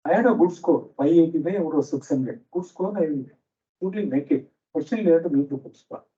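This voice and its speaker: A management teacher, a man with an Indian English accent, gives a faculty talk, using stories and repeated key phrases for emphasis. His voice is fairly high and warm, and he speaks a little quickly. The sound is dull and distant, recorded in a lecture hall with a noisy fan.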